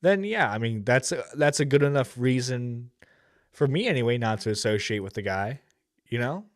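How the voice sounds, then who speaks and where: A man's voice: mid-range voice, expressive, moderate pace, dry recording, studio quality. A man giving casual, rambling commentary as a streamer reacting to a video, with lots of fillers and blunt profanity.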